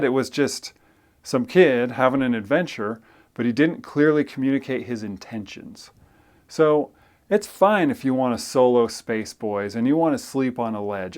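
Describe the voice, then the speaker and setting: A man telling a story in a casual, conversational way, with a mid-range voice. He acts out the dialogue with lively shifts in voice and pokes fun at himself along the way. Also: mid-range voice. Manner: self-deprecating, conversational with fillers. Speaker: storyteller and loan officer.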